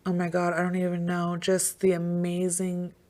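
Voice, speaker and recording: A woman's voice: lowish voice, completely flat delivery, normal speed, a little mellow. A woman hosting a podcast, talking casually and emphatically, swearing freely and saying "like" a lot. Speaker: podcast host. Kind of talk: casual true-crime chat.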